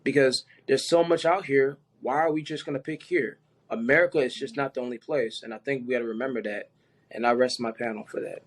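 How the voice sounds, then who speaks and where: A man joins a casual podcast discussion with a mid-range, ordinary voice. He speaks earnestly and reflects aloud as he works through his points at a measured pace. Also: mid-range voice, steady tone. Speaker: podcast panelist.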